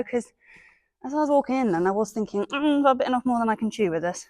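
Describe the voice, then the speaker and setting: Woman, fairly high voice, dry close sound, chatty, slightly out of breath. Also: animated, quick pace, no room sound. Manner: chatty, praising the horse in a bright sing-song. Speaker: horse owner vlogger. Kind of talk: casual chat while training a horse. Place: outdoors in a horse arena.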